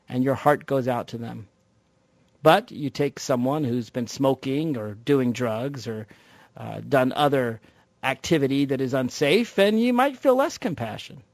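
A man hosting a talk show, delivering an animated monologue full of rhetorical questions. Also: fairly high pitch, dry recording. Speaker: radio talk show host.

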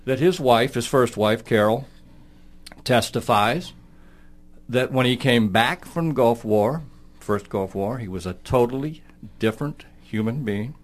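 A man's voice: medium pitch, measured pace. A man co-hosting a political talk radio show, making his case emphatically and pressing questions on the others.

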